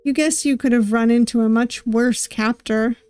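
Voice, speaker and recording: A woman's voice: a little high, fairly even intonation, normal speed, mellow, clear, resonant tone, no echo, soft background music. A woman streamer reading a visual novel game aloud, with casual, wry asides between the narration. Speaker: VTuber gaming streamer.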